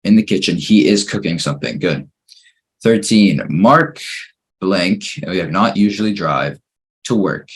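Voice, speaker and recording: A man's voice: low voice, expressive, measured pace, breathy edge. A man teaching an English grammar lesson, patiently working through fill-in-the-blank exercises and praising each answer.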